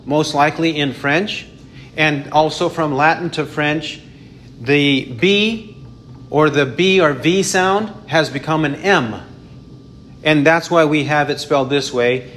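A man's voice: on the high side, takes it slowly, a bit bright, a little hiss or hum. Man teaching a Bible study. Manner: explanatory, with frequent restarts and self-corrections.

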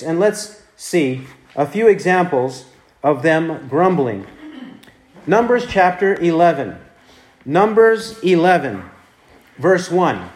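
Male pastor, high voice, unhurried verse-by-verse sermon delivery, echoey room. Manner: deliberate, repeats scripture references. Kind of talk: expository sermon.

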